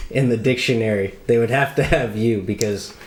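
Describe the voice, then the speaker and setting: A man's voice: mid-range voice, normal speed, a little hiss or hum. Agreeable man in a roomy space. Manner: agreeable, constant short affirmations. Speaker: podcast host. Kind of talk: casual interview chat.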